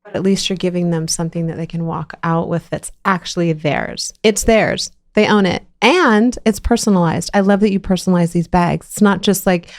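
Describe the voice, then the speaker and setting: A woman with a slightly low voice hosts a casual podcast interview. She gushes with enthusiasm, circles back on her own phrases and piles on praise. Her talk is loose and conversational. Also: moderate pace, few pauses. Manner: enthusiastic, effusive, repeats herself. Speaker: podcast host.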